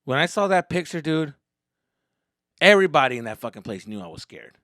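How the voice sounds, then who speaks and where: A man hosting his own podcast, telling a comedic story in a loose, profane way, jumping from loud bursts to low mutters. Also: big pitch swings, brisk, no echo, clean studio sound.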